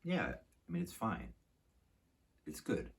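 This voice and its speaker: Man, low voice, cooking show host, casual tasting chat, halting, repeats words. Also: wildly swooping pitch.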